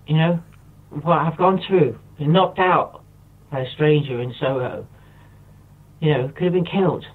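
A man close to tears pours out a rambling, impassioned monologue, circling back over the same phrases. His voice is husky and comes through a tinny phone line, heard from some way off the mic. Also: a little high, measured pace, far from the mic. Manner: rambling, impassioned, repeats himself. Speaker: radio show guest.

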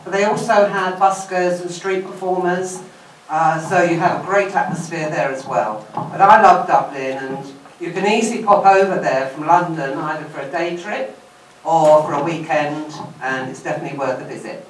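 A woman's voice: low-pitched, moderate pace, a little hiss or hum. A woman chatting on a panel in a rambling, chatty way. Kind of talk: panel talk. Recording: echoey room from far off.

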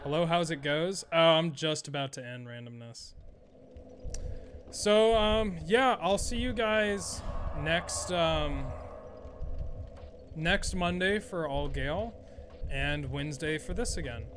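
A man's voice: fairly high pitch, slow, long pauses, noisy background. A young adult man chatting casually to his audience during a game live stream, rambling, self-mocking and swearing freely.

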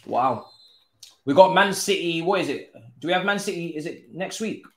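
A young man, commentating his own football game live, groaning, swearing and now and then cheering loudly. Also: a little high, lively intonation, normal speed, roomy sound. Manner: exasperated, groaning and swearing, swinging to loud cheers. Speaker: gaming streamer.

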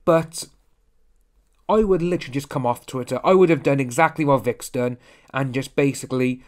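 A man's voice: on the high side, expressive, moderate pace. A young man hosting a casual opinion commentary, talking bluntly and ranting, often mimicking others. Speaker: commentary channel host.

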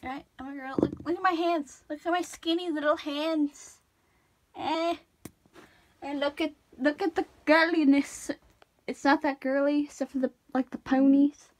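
A young woman chats away while she draws, her voice high and cartoony from tiredness. She rambles, trips over her words and pokes fun at herself. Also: fairly even intonation, measured pace. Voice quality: cartoony put-on voice. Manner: rambling, self-deprecating, stammering restarts. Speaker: drawing tutorial vlogger. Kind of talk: casual drawing commentary.

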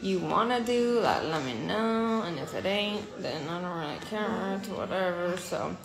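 A woman's voice: lowish voice, animated, unhurried, gravelly, roomy sound, a crowd in the background. A young woman hosting a casual phone live stream, tired and blunt, calling viewers darling. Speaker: livestream host.

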